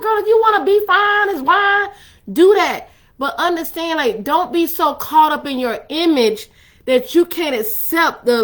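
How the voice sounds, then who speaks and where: A woman hosting a faith-based talk on love and relationships, speaking in a conversational, emphatic, preacherly way. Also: high-pitched. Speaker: ministry host.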